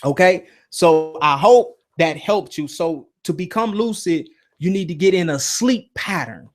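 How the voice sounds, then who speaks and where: A man hosting a casual spiritual talk, telling stories in an animated way and often checking in with "right?" and "you see?". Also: fairly high pitch, a little slow. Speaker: host.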